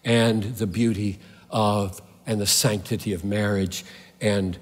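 A man's voice: on the low side, fairly even intonation, slow. A man preaching a sermon with fervor, driving his points home through repeated rhetorical questions. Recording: long hall reverb.

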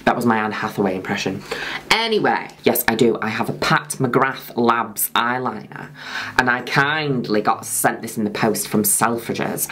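A woman's voice: very deep voice, a bit bright. A woman in her twenties chatting through a makeup tutorial, camp and theatrical, gushing at her viewers. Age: 20s. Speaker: makeup vlogger.

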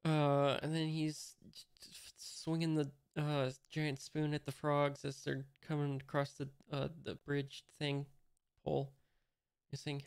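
Gravelly man, flat hesitant read-along. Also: fairly high pitch, measured pace, no echo, clean studio sound. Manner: hesitant, describing panels as he goes. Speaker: host reading a manga aloud. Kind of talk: casual read-along commentary.

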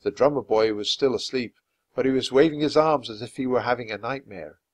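Brief: man narrating a children's book, clear and steady, dry close recording. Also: medium pitch, brisk, no echo. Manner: clear and steady, acting out dialogue. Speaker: storybook reader. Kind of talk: scripted narration for language learners.

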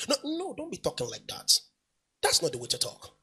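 High, lively preacher man. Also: racing. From Nigeria. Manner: emphatic, shouting and sing-song preaching; repeats phrases and asks the congregation questions. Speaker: pastor. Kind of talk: preaching sermon.

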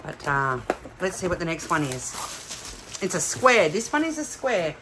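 A middle-aged woman from Australia chatting excitedly as she unboxes craft kits for her vlog. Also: fairly low pitch, normal speed, a little hiss or hum. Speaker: craft vlogger. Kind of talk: casual unboxing chat.

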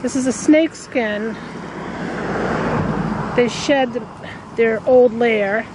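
Woman vlogger, chatty and easily excited, fairly high voice, traffic noise behind her outdoors. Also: drawn-out words. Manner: excitable, exclaims often. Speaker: nature vlogger. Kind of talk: casual outdoor vlog narration. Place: outdoors by a river and roadside.

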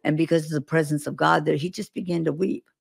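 A woman's voice: deep voice, steady tone, fast, vocal fry, slightly rough. A woman guest on an interview show, earnestly recounting visions and stories with vivid detail. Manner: earnest, vivid storytelling with acted quotes. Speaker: guest prophetic minister.

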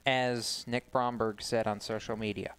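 A man co-hosting a motorsport radio show, chiming in with quick banter and dry, wry remarks, recorded in a radio studio. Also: on the low side, level tone, a bit bright, smooth. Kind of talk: casual motorsport radio talk.

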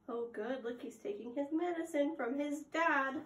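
Reading to preschoolers at circle time, a young woman speaks slowly in a sing-song manner, gasping for effect and prompting the children with questions. Her voice is high-pitched and a bit bright, and the room echoes.

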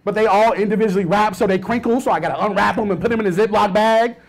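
A man in his thirties does a fast-paced stand-up comedy set, lurching between quiet mumbled asides and loud outbursts.

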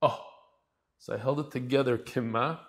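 A man's voice: mid-range voice, steady tone, normal speed. A man teaching a daily Talmud class, talking in a casual, heartfelt and emotional way with many restarts. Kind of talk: casual heartfelt lesson intro.

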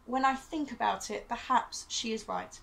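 A woman reading the part of a stern, weary father, speaking in a measured, grave way. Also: fairly high pitch, gravelly, fairly bright tone, low-quality recording.

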